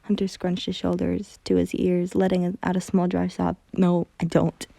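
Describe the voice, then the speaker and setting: A woman's voice: fairly low pitch, completely flat delivery, moderate pace, vocal fry, warm tone, dry recording. A woman reading a fanfiction story aloud, often stumbling over words and correcting herself as she goes. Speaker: fanfiction reader.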